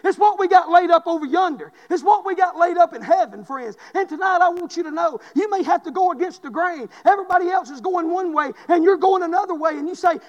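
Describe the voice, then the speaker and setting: A man, preaching a fervent sermon and building to shouted peaks with repeated refrains. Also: extremely high pitch, fast talker, hardly any pauses, long reverb tail, dull audio. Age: 40s.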